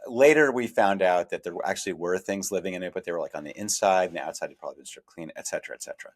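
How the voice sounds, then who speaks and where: A man's voice: low voice, rapid-fire. A middle-aged man co-hosting a podcast, talking reflectively and frankly, often restarting his sentences. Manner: reflective, self-deprecating, many restarts. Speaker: investigative journalist, podcast co-host. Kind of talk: conversational podcast discussion.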